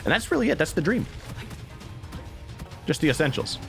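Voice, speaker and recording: A man streaming a video game who rambles casually in an animated way, full of asides. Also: fairly high pitch, moderate pace, vocal fry, faint music behind. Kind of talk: casual gameplay commentary.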